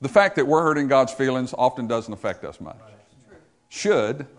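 A man's voice: mid-range voice, expressive, normal speed. A man preaching a sermon, emphatic, rising and dropping his voice for effect. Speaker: pastor.

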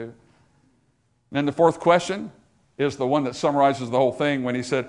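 A man's voice: fairly high pitch, steady tone, moderate pace. Emphatic preaching man. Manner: emphatic preaching, rising and dropping for effect. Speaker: pastor. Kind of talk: sermon.

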